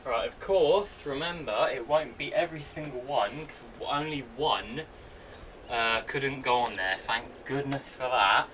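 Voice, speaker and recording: Brief: male vlogger, unhurried, bright and forceful voice, excitable running commentary, a bit far from the mic. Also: medium pitch. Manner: chatty, talks to himself, excitable outbursts. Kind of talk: casual running commentary while using a computer. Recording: voice a bit far from the mic, faint background noise.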